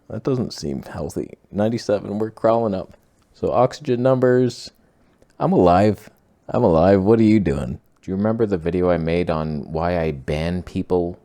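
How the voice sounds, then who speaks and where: Male vlogger with a low, dark voice, casual rambling Q&A, frank and indignant, faint music behind. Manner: chatty, frank and indignant, with frequent "like" fillers. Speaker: health vlogger answering viewer questions.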